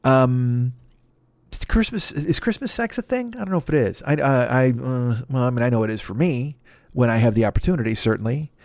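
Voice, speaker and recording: A man's voice: medium pitch, expressive, brisk, gravelly, a little mellow, no echo. A man host riffing through a profane, rambling comedic monologue. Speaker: podcast host.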